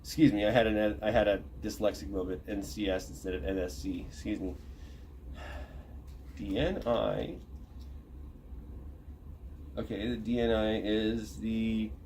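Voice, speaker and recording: A man's voice: on the low side, flat delivery, a little slow, long pauses, darkish tone, a little hiss or hum. A man reading a list aloud from an online thread, breaking off to comment, look terms up and correct himself. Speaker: channel host reading a thread.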